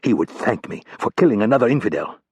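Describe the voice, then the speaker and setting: A man's voice: fairly low pitch, expressive, quick pace, a little mellow, breathy edge, dry recording. A man narrating an audiobook voices a gleeful male militant who mocks and delights in others' suffering. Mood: gloating. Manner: mocking, delighted by others' pain.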